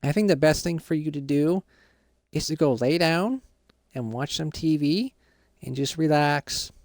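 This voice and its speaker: A man's voice: a little high, creaky, darkish tone, dry recording, clean studio sound. A man voicing a bossy teenage son who lectures his father in a Minecraft role-play. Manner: lecturing, preachy.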